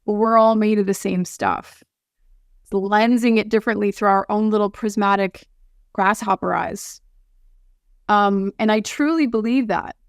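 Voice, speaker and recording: Woman, podcast guest, earnest, heartfelt, smooth voice, dry sound. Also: mid-range voice, no echo. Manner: earnest, heartfelt, halting with restarts.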